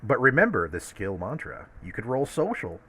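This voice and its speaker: A man running a tabletop game as game master, narrating with a lively manner and frequent laughs. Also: medium pitch, moderate pace, husky.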